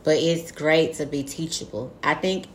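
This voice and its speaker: A young woman talking frankly and profanely in a casual chat, acting out quoted lines with animated storytelling. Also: sits low, moderate pace.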